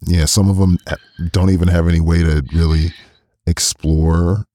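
Deep dark voiced guy hosting a podcast, gushy, keeps restarting his sentences. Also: flat delivery, moderate pace, no room sound, clean studio sound. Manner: effusive, stumbling over restarts. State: emotional. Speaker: podcast host. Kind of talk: casual interview chat.

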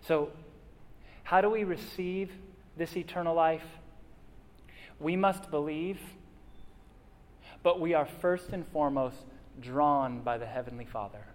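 Male pastor, fairly high voice, earnest sermon delivery with rhetorical questions, long reverb of a big hall. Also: slow pace, long pauses.

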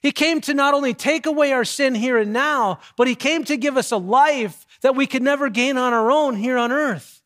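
A man, a pastor with young kids, preaching a sermon with emphatic, measured delivery and dramatic pauses. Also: very high-pitched, a bit bright.

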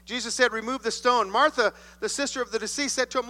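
A man preaching a sermon, reading scripture and acting out the voices he quotes with expressive shifts. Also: extremely high pitch, quick pace. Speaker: pastor. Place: church sanctuary. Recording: long hall reverb.

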